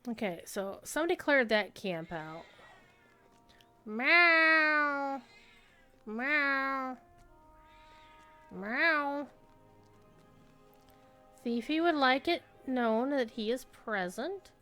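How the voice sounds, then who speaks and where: A woman's voice: on the high side, lively intonation, normal speed, hardly any pauses, fairly bright tone, faint music behind. A woman live-streaming a video game, chatting casually with her viewers and reacting to the play. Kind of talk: casual live-stream commentary while gaming.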